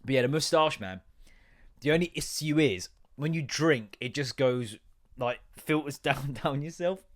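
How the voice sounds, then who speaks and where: With an expressive, mid-range voice at a measured pace, a thirty-something man hosts a podcast. He delivers a solo, rambling comedy rant, swearing freely and mocking himself.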